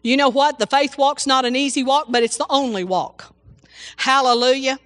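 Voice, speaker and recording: A woman delivers an informal sermon in a fairly high voice, breaking in with hallelujahs and trailing into restarts. The sound is close and dry, with no room in it. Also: a little fast, no room sound. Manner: repetitive, exclamatory, frequent hallelujahs and restarts. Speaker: preacher.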